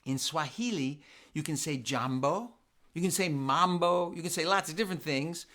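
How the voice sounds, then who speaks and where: A man's voice: on the high side, brisk, pushed and bright. A man hosting a live family concert from home, playfully coaxing listeners to repeat greetings with him. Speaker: children's singer and concert host. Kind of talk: live family sing-along concert chat. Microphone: home live stream.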